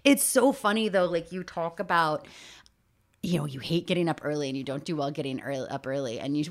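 Woman podcast co-host, low-pitched, casual and animated, swears a lot, acts out the people she quotes. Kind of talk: casual chat.

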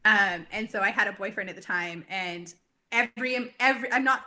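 A woman's voice: mid-range voice, fairly quick, sharp tone. A woman guest on a podcast, talking casually with plenty of "like" fillers. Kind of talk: casual interview chat.

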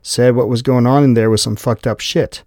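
A man's voice: mid-range voice, fairly even intonation, normal speed, darkish tone, no room sound, studio quality, close to an everyday voice. A man voicing a tough male operative who threatens in clipped, blunt phrases. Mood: menacing.

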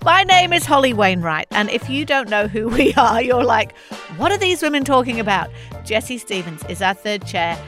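A woman's voice: a little high, big pitch swings, moderate pace, fairly bright tone, faint music behind. A woman hosting a podcast, opening the show in an upbeat, playful way. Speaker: podcast host. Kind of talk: show introduction.

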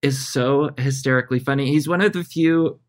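A chatty man trading stories as a podcast guest. He sits at an ordinary middle pitch, quick to poke fun at himself in a loose, casual way. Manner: chatty, self-deprecating storyteller. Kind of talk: casual chat.

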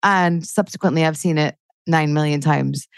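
A woman's voice: deep voice, normal speed, vocal fry, clean tone, dry recording. A woman in her forties, a comedian chatting as a podcast guest, swearing freely and ranting with rising energy. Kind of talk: casual chat.

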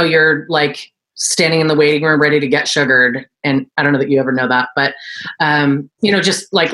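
A woman with a low voice tells her story in a relaxed interview. She is in her forties and works as an esthetician. She gets animated and jumps into a higher pitch when she quotes other people. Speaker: guest, esthetician and entrepreneur.

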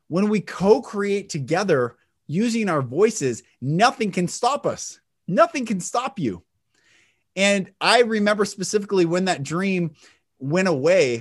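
Middle-aged guy, kinda high voice, earnest spiritual pep talk, big swings loud to soft. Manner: earnest, emphatic, with dramatic swings in pitch and volume. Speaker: podcast host and speaker.

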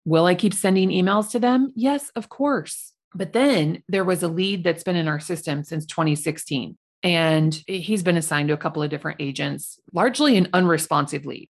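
A woman hosting a solo podcast, telling stories in a chatty, animated way with laughs. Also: on the low side, fairly quick, few pauses. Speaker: podcast host.

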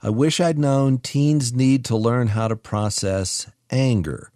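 A man co-hosting a radio talk show, asking questions and reflecting in a measured way. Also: mid-range voice, dark tone, dry recording, studio quality. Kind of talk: interview talk.

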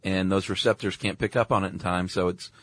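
Deep-voiced man chatting casually. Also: fairly even intonation, brisk, a bit bright, dry recording. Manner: chatty, frequent agreeing interjections. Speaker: podcast co-host. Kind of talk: casual conversational chat.

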